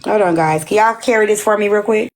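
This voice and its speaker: A woman's voice: medium pitch, quick pace, low-quality recording. A woman hosting a casual live stream, talking bluntly and profanely in a rambling way.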